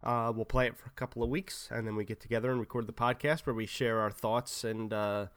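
A man hosting a casual podcast chat from home, relaxed and conversational, hedging his opinions. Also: medium pitch, fairly quick, clean tone, no echo. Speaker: podcast host.

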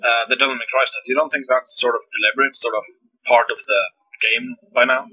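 A man's voice: medium pitch, flat delivery, fast talker, pushed and bright, slightly rough, poor audio. A man co-hosting a gaming podcast in casual chat, speaking hesitantly with many fillers.

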